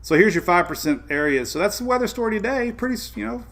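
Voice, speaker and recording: A man's voice: sits high, expressive, fast, fairly bright tone. A man with a Southern US accent hosting a casual weather live stream, rambling and greeting viewers by name. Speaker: weather show host.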